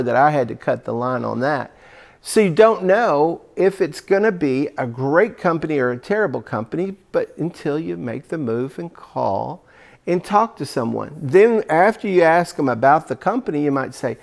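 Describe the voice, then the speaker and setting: A man with a fairly high, gravelly voice talks job seekers through making the call. His delivery is conversational and coaching, and he slips into little acted-out phone conversations along the way. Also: lively intonation, moderate pace. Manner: conversational, acts out sample phone calls. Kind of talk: coaching talk.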